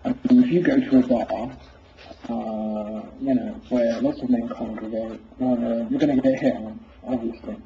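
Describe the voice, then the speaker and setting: A man's voice: medium pitch, fairly even intonation, moderate pace. A man in an online voice chat, answering a rant with dry, sarcastic teasing. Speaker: voice chat participant. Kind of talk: casual mocking chat. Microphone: computer mic in voice chat. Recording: roomy, dull lo-fi voice chat with faint hiss.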